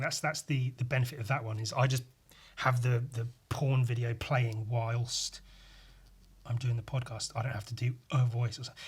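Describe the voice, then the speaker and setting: A man's voice: mid-range voice, husky. A man hosting a casual solo podcast, rambling and self-amused, with plenty of swearing. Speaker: podcast host.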